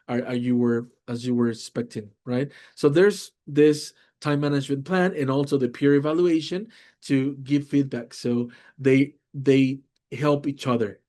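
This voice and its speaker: Man with a Latin American Spanish accent presenting a webinar for teachers, slow and mid-pitched, checks in with "right?" again and again. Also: darkish tone. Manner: slow, repeats "all right?" and "right?" often, many fillers. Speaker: teacher trainer.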